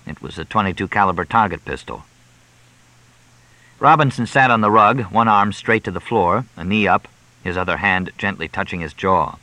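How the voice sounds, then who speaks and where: A man reading a crime novel aloud in measured, even storytelling narration. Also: low voice, dry recording, poor audio. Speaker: audiobook narrator.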